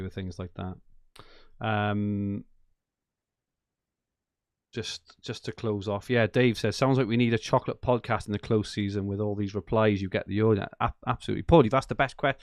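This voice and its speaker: Podcast host, low raspy-edged man, keen and rambling, dry close sound. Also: no room sound. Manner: enthusiastic, rambling, laughs often. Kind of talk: casual chat.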